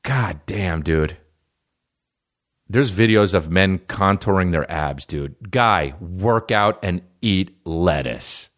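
A man's voice: deep voice, takes it slowly, a bit bright. A young man hosting a podcast, riffing profanely in casual comedic chat and jumping into silly voices. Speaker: podcast host.

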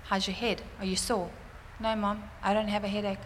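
A woman telling a church congregation a personal testimony, animated and fervent, laughing often. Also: mid-range voice, fairly quick, slight background noise. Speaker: church speaker sharing a testimony. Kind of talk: sermon testimony. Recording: roomy church hall reverb, faint ambience.

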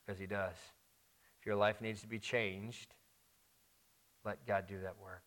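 A man's voice: lowish voice, level tone, normal speed, long pauses, a bit bright. A man preaching a sermon, telling a story and leading a prayer, with emphatic repetition of key phrases.

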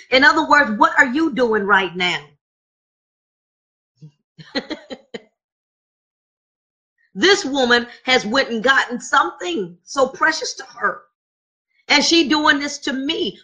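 A woman's voice: high voice, animated, slow pace, pauses often, pushed and bright, slightly rough. A woman preacher delivering a sermon, emphatic and driving home point after point with repeated rhetorical questions.

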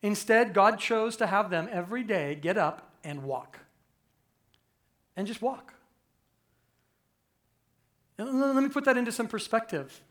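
A man preaching a conversational, animated sermon as pastor, acting out quick voices for humor. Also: high voice.

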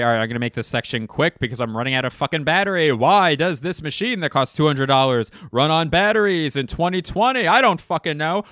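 A man's voice: fairly high pitch, a little fast, hardly any pauses, fairly bright tone, no room sound, studio quality. A man in his thirties hosting a comedy podcast alone, rambling and sarcastic, swearing often. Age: 30s. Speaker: podcast host. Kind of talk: comedic solo podcast monologue.

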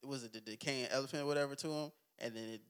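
A man's voice: medium pitch, racing, a bit bright, clear, resonant tone. A man chatting casually as a podcast co-host, telling stories in a loose, joking, profane way. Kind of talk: casual chat.

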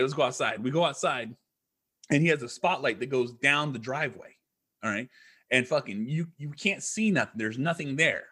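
Husky-voiced man telling a rambling story. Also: a little high, sharp tone. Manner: profane, rambling, emphatic. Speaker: podcast guest. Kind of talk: casual storytelling.

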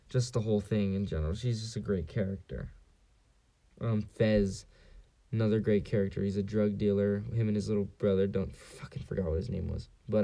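Young man from San Diego hosting a solo podcast: low, mellow voice, rambling and profane. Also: creaky. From San Diego area, US. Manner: rambling, profane, frequent fillers. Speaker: podcast host. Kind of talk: casual solo podcast rant.

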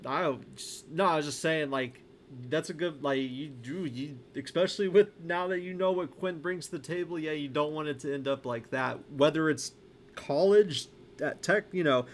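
A man's voice: a little high, normal speed, slight background noise. A man co-hosting a casual sports podcast who laughs easily and often trails off mid-sentence. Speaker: podcast co-host. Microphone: podcast microphone.

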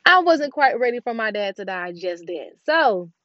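A woman's voice: fairly high pitch, sing-song, moderate pace, a bit bright, no echo. A young woman telling a personal story in a casual, emotional way and talking straight to her viewers. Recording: dull, dry recording.

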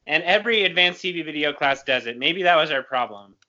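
A man's voice: a little high, lively intonation, bright, forceful tone. A young man hosting a podcast in casual chat, laughing often. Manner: giggly, quick to laugh. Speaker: podcast host. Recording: dull lo-fi sound.

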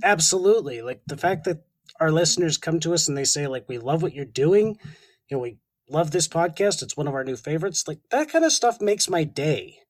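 Canadian guy cohosting a podcast, kinda high voice, dry close sound, jokey and chatty. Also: lively intonation, fairly quick, dry recording, poor audio. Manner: laughs easily, chatty and joking. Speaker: podcast co-host. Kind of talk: casual podcast chat.

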